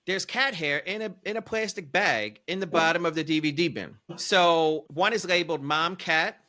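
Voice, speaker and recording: A man, a podcast co-host telling a wild story in animated, profane, incredulous casual chat. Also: on the high side, moderate pace.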